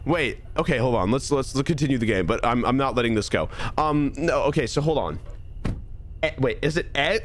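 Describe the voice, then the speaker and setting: Male streamer, Californian accent, very lively swooping pitch, rambling and incredulous, keeps repeating words. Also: a little fast, long pauses. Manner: rambling, restarts and stammers. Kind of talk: live gameplay commentary.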